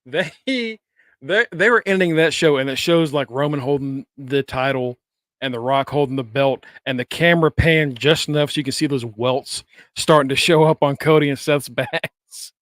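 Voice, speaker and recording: A man's voice: mid-range voice, normal speed, fairly bright tone, dry recording, studio quality. A man hosting a casual podcast, bantering and laughing with co-hosts. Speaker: podcast host.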